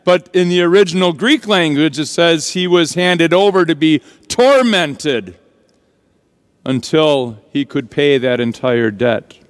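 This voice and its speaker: Man, pastor, sermon, slow deliberate delivery, smooth resonant voice, long church reverb. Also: fairly high pitch. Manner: earnest, dramatic preaching with slow emphatic stresses. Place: church sanctuary.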